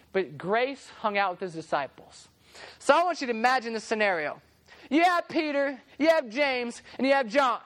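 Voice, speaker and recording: A woman preacher tells her sermon as a lively story, slipping into characters and humorous asides. Her voice sits a little high for a woman. The delivery is conversational and playful.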